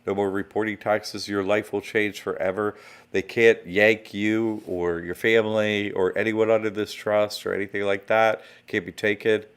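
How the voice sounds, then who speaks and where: A man's voice: on the low side, level tone, normal speed, few pauses, clean tone. A man hosting a live-streamed online class, rambling and conversational as he greets chat viewers. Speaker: online course host.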